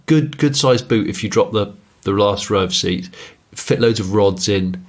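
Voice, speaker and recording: Speaking low and unhurried, this male podcast co-host keeps things casual and enthusiastic, frequently starting his sentences over.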